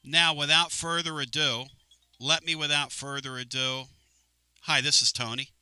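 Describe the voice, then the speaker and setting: A man's voice: a little high, steady tone, sharp tone, clean tone, no echo. A man hosting a talk radio show, joking and bantering loosely with guests. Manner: loose, jokey, fast back-and-forth.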